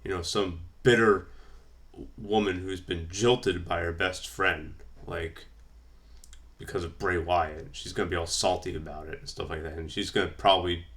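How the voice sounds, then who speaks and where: A man's voice: low-pitched, fairly even intonation, normal speed, fairly bright tone. A man vlogging casually, rambling with lots of fillers while he reads from his notes. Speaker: wrestling vlogger. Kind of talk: casual fantasy-booking commentary.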